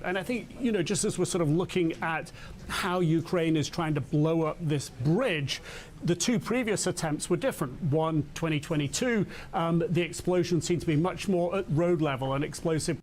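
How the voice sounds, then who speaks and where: A male news reporter giving measured, explanatory broadcast analysis. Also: a little high, darkish tone, slight background noise.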